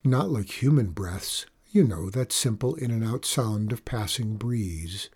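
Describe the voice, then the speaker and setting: A man with a husky voice narrating a story in a measured, low-key first-person telling. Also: animated, a little mellow.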